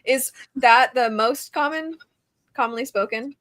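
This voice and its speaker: A woman's voice: sits high, measured pace, fairly bright tone, no room sound, clean studio sound. Chatty woman podcast co-host. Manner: chatty, laughs often. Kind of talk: casual chat.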